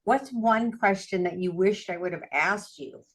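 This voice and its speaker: A woman's voice: medium pitch, unhurried. A woman hosting a casual interview, chatty with playful interjections. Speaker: interview host.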